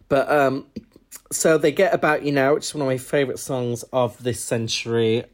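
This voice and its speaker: Guy co-hosting a casual review chat, measured and hedgy, ums a lot. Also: mid-range voice. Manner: measured, hedging opinions with fillers. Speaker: podcast co-host.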